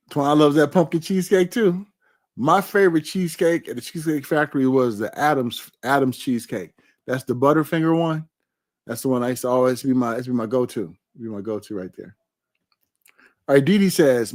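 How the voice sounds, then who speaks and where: Big-voiced man hosting a live stream. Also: on the high side. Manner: warm, repetitive, emphatic affirmations. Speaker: livestream host reading viewer comments. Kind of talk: casual live stream chat.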